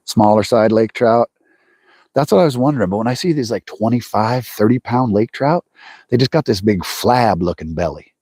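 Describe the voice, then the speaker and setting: Out on a lake, a man runs a fishing livestream, his voice on the low side and darkish in tone, at a moderate pace. He rambles folksily, restarts words, and talks straight to viewers in casual live chat, with studio-quality audio and no room sound.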